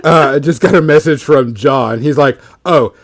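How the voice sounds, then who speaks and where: A man hosting a casual podcast, chatting in a relaxed, rambling way with plenty of fillers while he paints miniatures. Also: on the high side, moderate pace.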